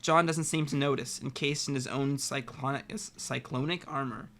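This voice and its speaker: Brief: co-host narrating a webcomic read-along, eager and expressive. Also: medium pitch, moderate pace. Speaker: co-host reading a webcomic aloud.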